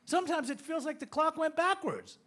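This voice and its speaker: A man in his fifties giving a recovery testimony, telling his story in an animated, joking way. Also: very high voice, brisk. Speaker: recovery speaker.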